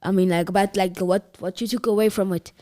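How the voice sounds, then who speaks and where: A woman's voice: medium pitch, fairly even intonation, brisk, warm tone. A teenage girl hosting a casual student podcast, rambling with many restarts. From South Africa. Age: teens. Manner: rambling, restarts, laughs often. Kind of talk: casual group chat.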